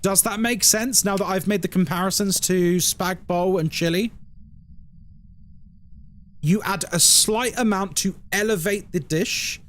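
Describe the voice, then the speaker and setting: A man's voice: high-pitched, a little slow, a bit bright. A British man chatting casually on a live stream, wry and sarcastic as he answers his chat. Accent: British English. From Britain.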